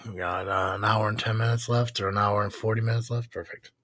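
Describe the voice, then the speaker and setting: A man with a fairly low, fairly even voice talks quickly and a bit brightly, with no room sound. He's co-hosting a casual live podcast, rambling, swearing, and packing in plenty of fillers.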